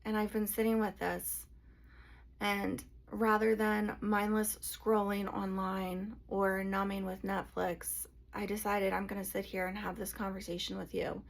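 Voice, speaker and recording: A woman channeler and energy healer speaking to her viewers in an emotional, confessional vlog, hushed and sighing as she talks. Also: mid-range voice, level tone, unhurried, vocal fry.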